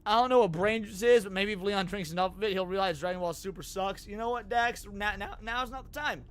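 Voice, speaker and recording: A male streamer giving casual gaming commentary, excitable and frustrated, swearing and bantering with his chat. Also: sits high, fairly quick, a little hiss or hum.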